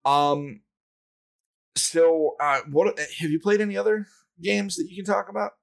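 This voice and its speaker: Over Discord, the podcast co-host chats about video games in an unhurried, mid-range voice with vocal fry, restarting often and leaning on fillers. The recording is rough.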